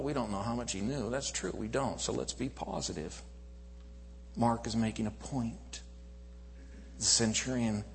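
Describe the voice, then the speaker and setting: A man preaching a sermon, moving from quiet to loud emphatic calls. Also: mid-range voice, big-room sound, a little hiss or hum.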